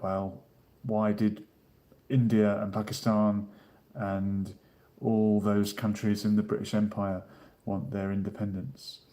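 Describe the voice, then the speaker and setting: Low, mellow-voiced man explaining calmly. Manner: measured, explanatory, reads out chat comments. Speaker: co-host. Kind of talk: casual live-stream discussion.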